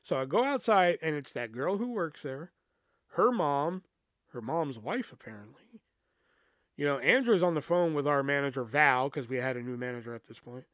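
A man's voice: a little high, animated, normal speed, fairly bright tone, no room sound. A man hosting a podcast, telling a story in a casual, profane way, full of fillers and asides. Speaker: podcast host.

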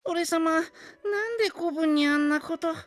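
A squeaky little boy cat monster from an anime game, cocky and whiny. The voice sits very high over faint background music. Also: moderate pace. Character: small boastful male cat monster.

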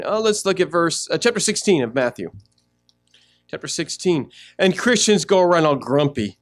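A man pastor preaching a sermon in a church, animated, acting out little scenes as he goes. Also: high voice, normal speed. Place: church sanctuary.

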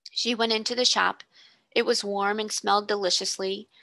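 Bright expressive woman reading a storybook. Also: mid-range voice, gravelly, no room sound. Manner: expressive, slowing on vivid words. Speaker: tutor reading a novel aloud.

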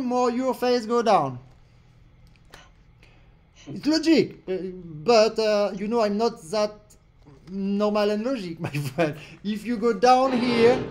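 A man's voice: very high-pitched, lively intonation, slow pace, pauses often, music in the background. A man teaching accordion in a remote lesson, correcting a student and singing rhythms on syllables, in non-native English. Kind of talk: remote music lesson coaching.

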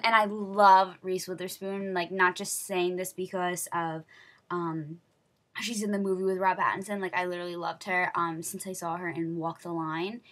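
A teenage girl recounts her day in a chatty vlog, her voice bright and forward. She gushes along, packing her sentences with fillers and tumbling from one thought to the next. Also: mid-range voice, normal speed. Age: teens. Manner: gushing, excitable, many "like" fillers. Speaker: vlogger. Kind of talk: casual storytelling vlog.

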